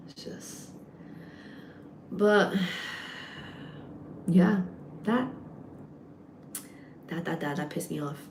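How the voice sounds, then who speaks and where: A woman livestreaming, telling a story in a casual, animated way, swearing often and acting out the voices of other people. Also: on the low side, very slow, pauses often, slight background noise. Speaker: livestreamer and gym content creator. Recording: echoey room.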